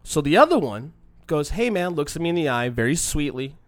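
A person telling a personal anecdote in a casual, profane monologue, swinging between quiet muttering and loud exasperated outbursts. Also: medium pitch, animated, brisk, dry recording. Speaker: storyteller.

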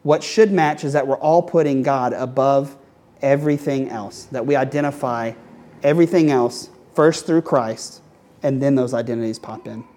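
A man's voice: medium pitch, normal speed, dark tone. A young man giving a sermon in a conversational way, telling a sports story with fillers and repeated words. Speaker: preacher.

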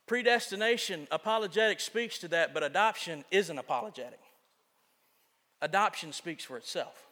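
A man preaching a sermon as pastor in a church, earnest, moving between loud emphasis and quiet confiding. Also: sits high, animated, moderate pace. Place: church sanctuary. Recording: long church reverb.

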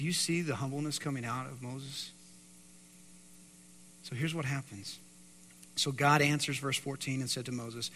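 A man's voice: mid-range voice, fairly even intonation, normal speed, slight background noise. Man preaching in a reverberant hall. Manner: swings between loud emphatic preaching and hushed quiet passages. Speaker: pastor. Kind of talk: sermon. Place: church sanctuary.

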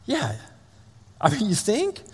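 A man with a notably high voice delivers a sermon, talking loosely and conversationally with lots of restarts and playful asides. His voice rings out with a long reverb, as if he is in a large hall. The delivery is animated and informal rather than formal preaching. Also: slow, husky. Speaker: pastor.

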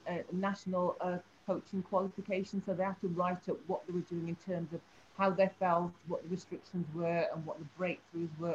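A woman, a teacher, telling an anecdote in an interview and acting out the people in it. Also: fairly low pitch. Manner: animated storytelling, acts out the people she describes. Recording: slightly dull recording with faint background hum.

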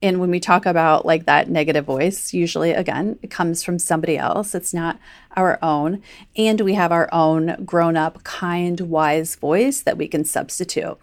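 A woman health coach with a lowish voice chats through a podcast, peppering her talk with "like" and acting out little inner voices. The sound is dry and close, with no room around it. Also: steady tone, normal speed, no room sound. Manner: chatty, frequent "like", acts out inner voices. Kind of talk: conversational podcast teaching.

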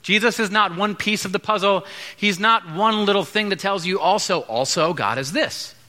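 A man preaching a sermon as pastor, conversational, acting out quick asides between points. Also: sits high, sharp tone. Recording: long hall reverb.

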